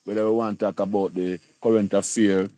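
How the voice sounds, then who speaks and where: A Jamaican man in his sixties runs a casual livestream chat, rambling and repeating "you see?" and "you copy?" over and over. His low, warm, mellow voice stays level and fairly quick. The sound is dry, close-miked and free of echo.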